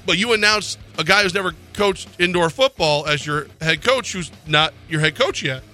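A man co-hosting a sports talk radio show, talking casually in an animated, exasperated, questioning way. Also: high-pitched, moderate pace, faint music behind.

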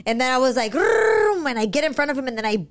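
Podcast host, woman, high-ish voice, animated storyteller who code-switches into Spanish. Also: rapid-fire, clean tone. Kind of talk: casual storytelling chat.

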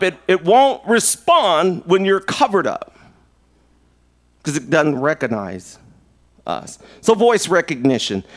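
Pastor guy preaching live, playful and animated, kinda high voice. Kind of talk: lively sermon.

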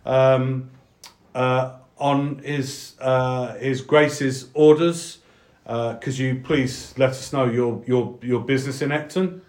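A man's voice: mid-range voice, fairly even intonation, takes it slowly, darkish tone, echoey room, natural voice. A man voicing a polite, nervous male guard captain who stammers and apologizes. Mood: apologetic.

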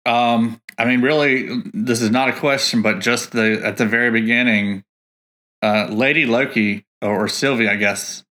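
A man's voice: mid-range voice, steady tone, moderate pace, bright, forceful tone. A man co-hosting a casual podcast, speaking hesitantly and often restarting his sentences. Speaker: podcast co-host. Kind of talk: casual chat.

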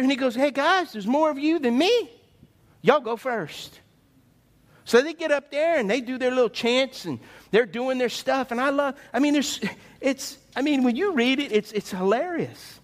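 A man preaching a sermon as pastor, animated and conversational, asking his listeners questions. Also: very high voice, moderate pace.

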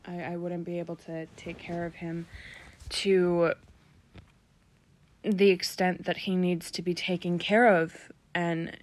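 A woman hosting her podcast in a groggy morning voice, talking slowly and sorrowfully with many pauses and ums. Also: fairly low pitch, little pitch movement. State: groggy morning voice, just woken up. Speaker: podcast host. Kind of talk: casual solo podcast talk.

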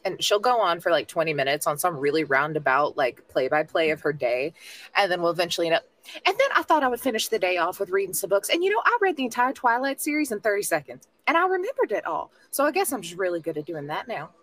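Lively, hesitant woman player. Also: fairly low pitch, fast talker. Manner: hesitant, rambling, laughs easily. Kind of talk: tabletop role-play.

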